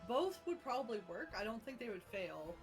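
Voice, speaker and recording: A woman's voice: a little high, big pitch swings, a little fast, faint music behind, poor audio. A woman streamer chatting casually during a game, playfully dramatic.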